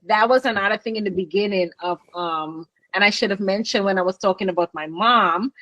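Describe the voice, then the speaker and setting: Woman, chatty interview guest, animated storyteller, dry close sound. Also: mid-range voice, a little fast, dry recording, lo-fi sound. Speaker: business owner, guest. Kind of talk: casual interview chat.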